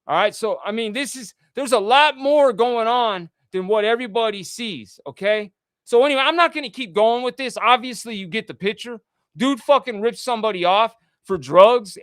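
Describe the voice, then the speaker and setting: A man with a high-pitched, fairly bright voice hosts a livestream, reading text messages aloud and ranting indignantly with frequent swearing. The recording is dry and clean, studio quality.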